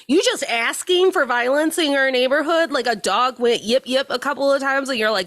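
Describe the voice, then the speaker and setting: A woman co-hosting a podcast in casual chat, animated and sassy, often slipping into mocking voices. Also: high-pitched, normal speed, few pauses. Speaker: podcast co-host.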